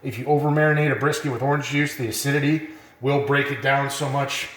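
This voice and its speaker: A man's voice: medium pitch, a little fast. Guy walking you through trimming meat, easygoing and rambly, little out of breath, echoey kitchen. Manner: relaxed, rambling, lots of fillers. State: a bit out of breath. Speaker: cooking instructor. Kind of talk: casual how-to demonstration.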